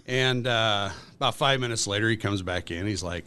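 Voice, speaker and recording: This podcast guest spins loose, casual workplace anecdotes packed with fillers, his voice on the low side with a sharp tone and a moderate pace.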